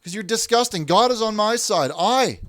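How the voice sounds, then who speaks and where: A man's voice: high voice, lively intonation, normal speed, a bit bright, dry recording, clean studio sound. A man hosting a comic call-in show, self-righteous and defensive as he lectures his callers.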